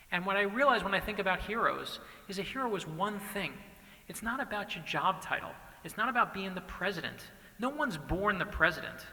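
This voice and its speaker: A man's voice: high voice, sharp tone. A man in his forties, an author giving an earnest, passionate keynote that he tells as a string of stories. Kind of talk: inspirational speech with storytelling. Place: large banquet hall. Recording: reverberant hall.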